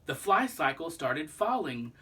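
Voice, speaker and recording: A man reading a children's book aloud, pausing to explain the lesson to young listeners. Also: on the high side, very animated, pushed and bright, breathy edge, far from the mic. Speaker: storybook reader.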